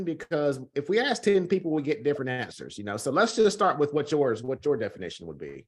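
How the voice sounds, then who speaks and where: A man's voice: a little high, big pitch swings, fairly quick, few pauses, breathy edge. A man hosting an interview in a casual way, with a few fillers and restarts. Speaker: host.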